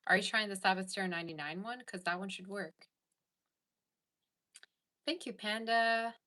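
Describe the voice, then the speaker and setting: Bright-voiced woman chatting casually. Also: medium pitch, normal speed. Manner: chatty, reads viewer comments aloud. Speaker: tarot reader and livestream host. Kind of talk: casual livestream chat.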